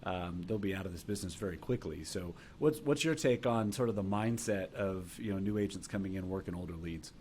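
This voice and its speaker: A man hosting a podcast, speaking in a relaxed, conversational way about sales approaches. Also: low voice, a little fast, few pauses, a little hiss or hum.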